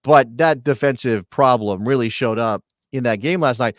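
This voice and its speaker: A man's voice: medium pitch, moderate pace, dry recording, clean studio sound. A man hosting a live sports talk show, chatty and joking, with many fillers and restarts. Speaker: podcast host.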